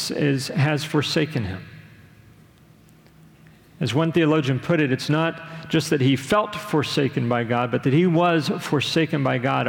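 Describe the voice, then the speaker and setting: Gravelly-voiced preacher in a reverberant hall. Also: male voice, on the high side. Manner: earnest, measured preaching with rhetorical questions. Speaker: pastor. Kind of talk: sermon. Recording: long reverb of a large hall.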